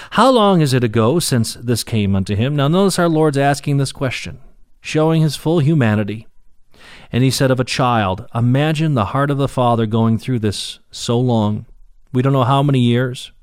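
A man's voice: mid-range voice, no echo, clean studio sound. A man reading Bible verses aloud and explaining them in a plain teaching manner, with fillers and restarts, speaking while in pain. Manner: reads scripture then explains it, with restarts and fillers.

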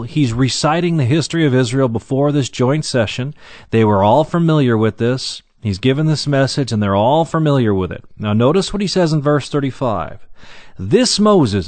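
Male Bible teacher, mid-pitched voice, dry close sound, reads verses slowly then explains with hesitant restarts. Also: darkish tone, no echo.

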